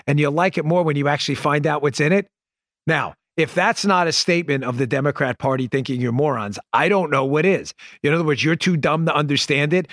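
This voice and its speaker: A man's voice: a little high, a bit bright, no echo, studio quality. Sarcastic, emphatic male political host. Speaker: podcast and radio host. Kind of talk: political commentary monologue.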